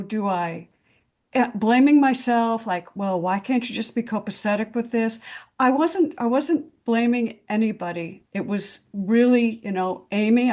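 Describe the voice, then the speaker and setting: A woman's voice: a little high, a little mellow. A woman speaking candidly in a video-call sharing group, blunt and swearing, with many fillers and restarts.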